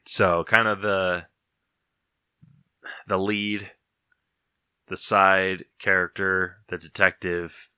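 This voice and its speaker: A man co-hosting a casual podcast chat, relaxed and opinionated, laughing easily. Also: deep voice, extremely slow, long pauses, clean tone, dry recording, studio quality. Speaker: podcast co-host.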